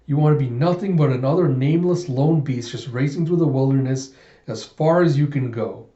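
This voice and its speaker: Brief: man reading as a cocky cyborg fighter, theatrical and taunting, loud, in a roomy muffled room. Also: medium pitch, fairly quick, lightly acted.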